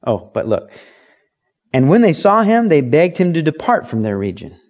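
A man's voice: on the high side, very animated, normal speed, a little mellow. A middle-aged man preaching a sermon in a conversational way, acting out quoted lines and reading scripture aloud. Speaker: pastor.

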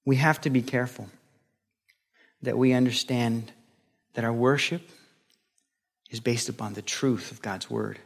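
A man's voice: medium pitch, steady tone, a little slow, gravelly, long pauses, breathy edge. A male pastor giving a sermon in a conversational style, acting out quoted voices as he goes.

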